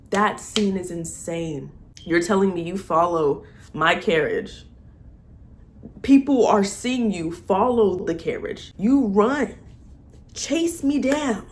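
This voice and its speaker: A woman vlogger ranting excitedly to camera, gushing, laughing often and repeating herself. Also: medium pitch. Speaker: vlogger reviewing a TV romance series. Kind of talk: excited casual rant to camera.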